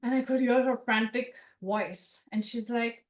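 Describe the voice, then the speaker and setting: A woman around forty telling a personal story to a live audience, conversational and animated, with asides to the listeners. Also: fairly high pitch, a little slow, roomy sound. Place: event room with a live audience.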